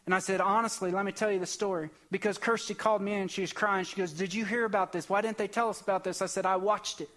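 Male preacher, young, fairly high voice, impassioned testimony delivery with surging emphasis. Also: fairly even intonation, fairly quick, fairly bright tone. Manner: emotional, impassioned storytelling with rising bursts. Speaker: pastor. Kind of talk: sermon testimony.

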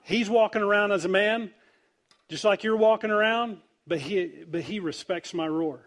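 A man preaches a lively, joking sermon, his voice sitting fairly high for a man. He tells the story with big swings from quiet asides to loud punchlines. He acts out every voice in the scripture as he goes. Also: moderate pace. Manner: animated storytelling, acts out quoted voices, wide swings in loudness. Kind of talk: humorous sermon.

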